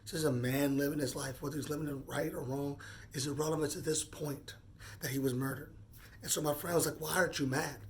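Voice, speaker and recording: A man in his forties speaking off the cuff in a personal monologue, earnest and halting, often repeating words as he gathers his thoughts. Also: a little high, fairly even intonation, a little mellow, a little hiss or hum. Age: 40s. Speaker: vlogger.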